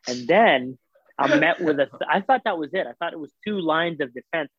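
A man telling a story in casual chat, animated, acting out the voices of the people in it, with lots of fillers. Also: a little high, normal speed, slightly rough, no echo. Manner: animated, acts out quoted voices, filler-heavy. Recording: tinny phone-like sound.

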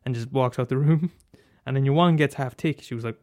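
A man's voice: medium pitch, fairly quick, mellow, soft background music. A man talking casually about a favourite film, rambling and restarting, swearing and laughing as he goes. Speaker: film commentator. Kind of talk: casual monologue.

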